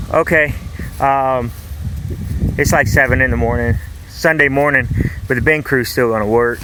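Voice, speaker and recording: A man's voice: mid-range voice, moderate pace. A man in his thirties hosting a farm vlog, talking in an easygoing, rambling way with plenty of fillers as he walks around outdoors. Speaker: farm vlogger, host. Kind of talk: casual vlog narration. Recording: outdoor camera recording with steady background noise.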